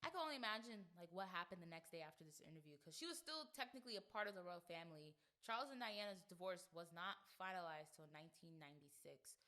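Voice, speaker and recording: A woman in her twenties hosting a podcast, chatting casually in an animated, slangy way and swearing freely. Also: fairly low pitch, fast talker, hardly any pauses. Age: 20s. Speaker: podcast host. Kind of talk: casual chat.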